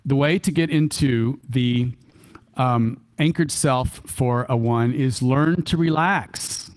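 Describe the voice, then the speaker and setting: Male workshop speaker, Texan accent, mid-range voice, lively church talk with folksy asides and repeated key lines. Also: mid-range voice, takes it slowly. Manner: animated, repeats key phrases for emphasis; chuckles often, folksy asides. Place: church hall.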